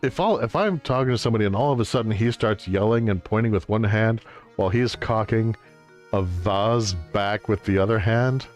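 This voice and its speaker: A man's voice: on the low side, fairly quick, soft background music. A man streaming a video game, giving wry, joking commentary with exaggerated exclamations. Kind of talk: let's-play commentary.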